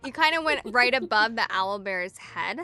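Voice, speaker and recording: A woman's voice: on the high side, animated, moderate pace, sharp tone, soft background music. A woman running a tabletop game for viewers as game master, easygoing and laughing often.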